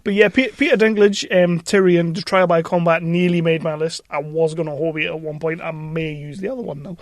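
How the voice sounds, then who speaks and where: A man's voice: a little high, steady tone, brisk, dry recording. Enthusiastic man, laughing and swearing. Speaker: podcast co-host. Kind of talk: casual film chat. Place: small studio.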